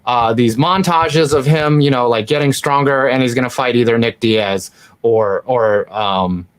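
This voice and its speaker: A man hosting a casual sports chat, telling stories in a rambling, animated way. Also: medium pitch, unhurried, clean tone. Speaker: host.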